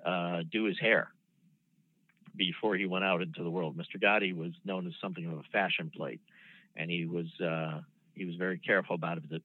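Speaking low and dry over a phone line, this man in his sixties recalls a case from his days as a federal prosecutor. He is a guest in a laid-back storytelling interview, anecdotal and measured, often stopping to restart or fill with ums.

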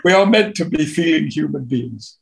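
A man's voice: a little high, lively intonation, normal speed, vocal fry, low-quality recording. An older man, an actor, talking as an interview guest in a hesitant, self-deprecating way with small chuckles. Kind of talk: interview conversation.

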